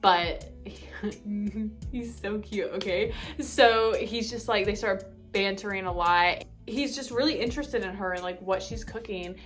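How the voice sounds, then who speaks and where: A young woman in her twenties chatting casually about books she read, gushing and talking faster as she gets excited. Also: mid-range voice, soft background music. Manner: bubbly, gushing, full of fillers; speeds up when excited. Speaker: book vlogger. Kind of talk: casual chat.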